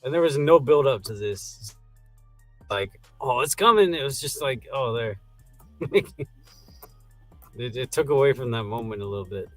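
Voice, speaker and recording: Male co-host, average pitch, easygoing commentary; dry, close sound with faint music. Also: moderate pace, pauses often, a little mellow, no echo. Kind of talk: casual movie review chat.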